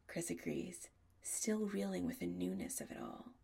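Husky, half-whispered woman narrator. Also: lowish voice, huge pitch swings, normal speed. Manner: soft, often half-whispered. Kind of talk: audiobook narration.

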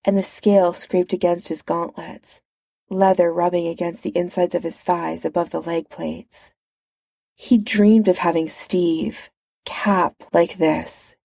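A woman reads a story aloud in a slow, even manner. Her voice is low, mellow and gravelly. The recording is close and dry. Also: no room sound. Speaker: narrator. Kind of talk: reading fan fiction aloud.

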